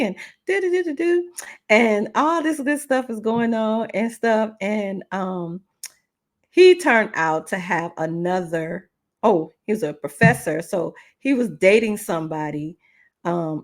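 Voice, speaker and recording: A woman relationship coach hosting a podcast, telling a story in an animated, conversational way and speaking straight to her listeners. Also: on the low side. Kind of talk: casual storytelling.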